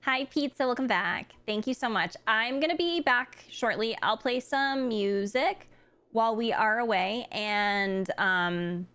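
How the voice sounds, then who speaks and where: A woman's voice: fairly high pitch, measured pace, a bit bright, clear, resonant tone. A woman streaming a game live, chatting casually and thinking aloud with lots of fillers.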